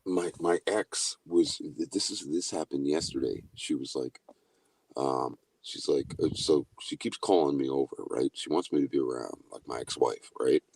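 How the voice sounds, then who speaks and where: Rambling, very deep-voiced man. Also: normal speed, a little mellow, slightly rough, distant mic. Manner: rambling, profane, laughing often. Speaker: livestream chat guest. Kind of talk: casual chat. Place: in a car, then at a house.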